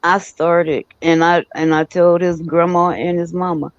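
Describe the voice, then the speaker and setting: A man with a fairly high voice tells stories in a casual chat. He laughs easily and stresses his points by repeating phrases. The sound is dry and dull, like a lo-fi recording. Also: flat delivery, unhurried, hardly any pauses, clean tone, dry recording. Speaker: podcast co-host.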